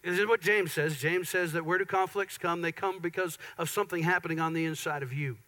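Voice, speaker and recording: Bright high-voiced preaching man. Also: a little fast, low-quality recording. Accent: Upper Midwest American. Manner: conversational preaching with playful asides. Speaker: pastor. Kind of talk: sermon.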